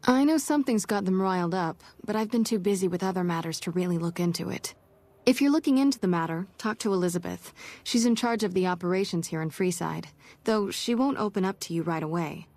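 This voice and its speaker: Game doctor, kind and steady, dry close read. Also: female voice, on the low side, a little fast, no room sound. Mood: helpful. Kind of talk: video game dialogue.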